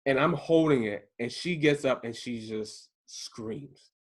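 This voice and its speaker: A man in his thirties from Maryland telling a story in casual chat, acting out the quotes with lively jumps in his voice. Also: takes it slowly. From Prince George's County, Maryland. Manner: animated, acts out quotes with big jumps in pitch. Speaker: podcast co-host telling a story.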